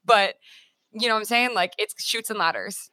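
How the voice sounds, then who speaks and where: A woman's voice: medium pitch, normal speed, sharp tone, no room sound, studio quality. A woman host and fitness instructor chatting casually, full of fillers and fond of analogies. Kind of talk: casual interview chat.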